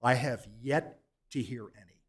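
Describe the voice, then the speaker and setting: A man's voice: medium pitch, a little slow, breathy edge. A man from Kentucky giving an emphatic, oratorical public comment at a council meeting, repeating points for effect. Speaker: resident speaking at public comment.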